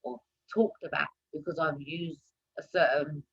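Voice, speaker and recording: A woman hosting a live talk stream, talking casually and turning loud and animated when she presses a point. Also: low voice, unhurried, creaky, husky, muffled recording. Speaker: host of a live talk show.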